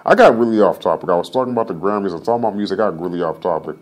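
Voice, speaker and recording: A young man chats on his podcast in a voice that sits a little low. He rambles, jokes and swears freely. He drifts off topic and then pulls himself back. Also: lively intonation, rapid-fire, few pauses, a little hiss or hum. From Vallejo, Northern California. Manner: rambling, joking and profane, often trailing off topic. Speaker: podcast host. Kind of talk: casual livestream chat.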